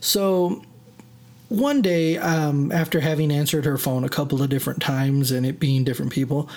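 Slightly high in pitch, steady and darkish in tone, this man speaks at a normal speed. He's the host of his own podcast, casually telling a personal story on his own, self-deprecating and prone to drifting into tangents.

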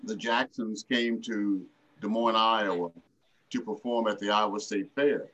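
A man in his seventies, a guest telling a relaxed anecdote in an interview. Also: lowish voice, a little slow, lo-fi sound. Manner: relaxed anecdotal telling with lively quoted voices. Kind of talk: storytelling in an interview.

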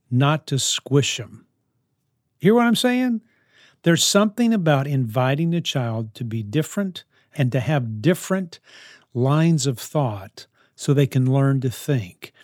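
A man's voice: mid-range voice, a little mellow, no room sound, studio quality. A man answering parenting questions in an earnest, coaching way, often restarting his sentences. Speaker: parenting advice speaker.

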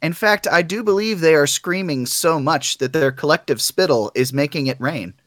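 A man's voice: on the high side, moderate pace, fairly bright tone, no echo, clean studio sound. A man co-hosting a gaming podcast, playing a mock award-show emcee in a playful, theatrical way.

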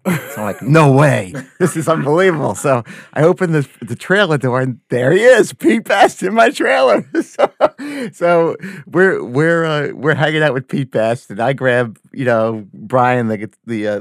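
Man, musician guest, casual storytelling, mid-range pitch, dry close sound. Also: moderate pace, dry recording. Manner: animated anecdote-telling, acts out quoted voices.

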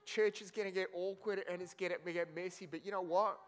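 A man's voice: high-pitched, fairly even intonation, brisk, few pauses, a little hiss or hum. A man preaching a sermon as pastor, telling a personal story with emotion, tearful and laughing at moments.

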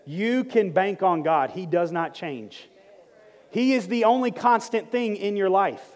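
A man preaches in a church with a high, bright-pitched voice, moving between soft prayer and playful teasing of his congregation. His words ring out with a long reverb from the hall around him. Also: a little slow. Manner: lively, joking preacher who prays and teaches. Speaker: pastor. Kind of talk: sermon. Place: church sanctuary.

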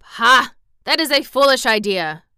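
A woman's voice: medium pitch, expressive, normal speed, pushed and bright, clear, resonant tone, no echo, studio quality. A woman voicing a boastful, scheming male gnome general in a storybook reading, with a proud, emphatic delivery.

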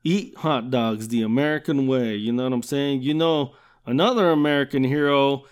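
A man's voice: medium pitch, moderate pace, smooth. A man hosting his own podcast, telling crude comic stories, swearing constantly and asking you know what I'm saying. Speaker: podcast host. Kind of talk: profane comedic storytelling.

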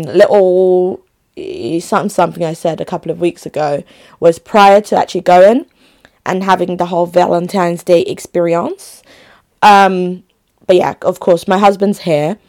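A woman's voice: lowish voice, measured pace, a little mellow. A young adult woman chatting casually to her viewers, emphatic and often restarting her phrases. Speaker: vlogger. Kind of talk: casual talk to camera.

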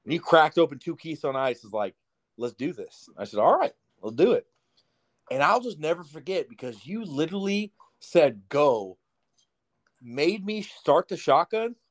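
A man's voice: fairly high pitch, lively intonation, normal speed. Profane young man telling a story. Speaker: podcast co-host. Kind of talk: casual storytelling over beers.

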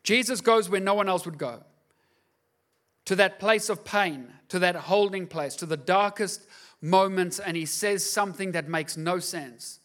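Male pastor, high bright voice, casual joking sermon delivery. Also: a little slow. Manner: conversational and joking, asks the crowd "right?".

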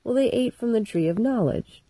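A woman's voice: fairly high pitch, lively intonation, moderate pace, warm tone, no room sound, low-quality recording. A middle-aged woman telling a story in a casual, irreverent and profane comic monologue.

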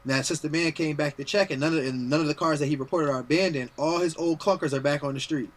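A man co-hosting a podcast, telling a story in a casual, slangy, profane and animated way. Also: a little high, fast. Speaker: podcast co-host.

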